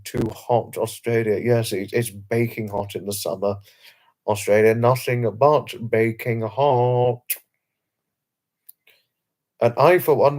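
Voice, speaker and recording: A man's voice: mid-range voice, a little mellow. A British man hosting a late-night livestream, reading out viewer comments and answering them in a chatty, repetitive, emphatic way. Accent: British English. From England. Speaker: livestream host.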